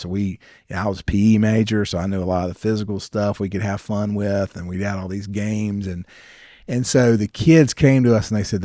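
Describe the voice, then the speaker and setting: A man, a ministry founder and guest, sharing stories in an earnest, animated way, often restarting his sentences. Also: lowish voice, no echo, studio quality. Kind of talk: conversational storytelling interview.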